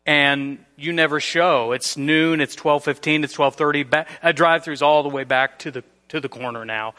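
A man preaching a sermon in a church, explaining scripture and acting out everyday scenes in a lively way. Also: a little high, moderate pace, few pauses, in a large hall. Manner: animated, acts out everyday scenarios. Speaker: pastor. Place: church sanctuary.

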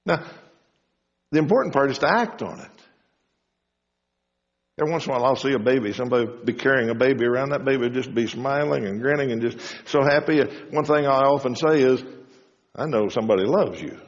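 Folksy preacher in a reverberant hall. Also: male voice, quick pace. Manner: folksy storytelling, rises high for quoted lines. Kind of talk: sermon. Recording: dull lo-fi sound in a reverberant hall.

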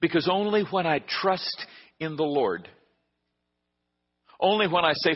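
A middle-aged male pastor preaching a sermon, telling a story and swinging between hushed and loud. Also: on the high side, expressive, measured pace, long pauses, breathy edge. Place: church sanctuary. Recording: dull recording with long hall reverb.

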